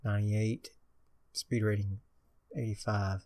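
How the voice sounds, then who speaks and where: This man casually comments on the video game he's playing, muttering to himself and joking at his own expense in a chatty manner. His fairly low voice is level in tone, unhurried and a little mellow, and the recording is dry.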